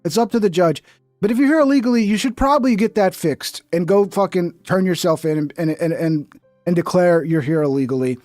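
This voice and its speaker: A man's voice: high voice, brisk, a little mellow, dry recording, studio quality, soft background music. A man streaming casual commentary over a video, blunt and mocking, swearing often.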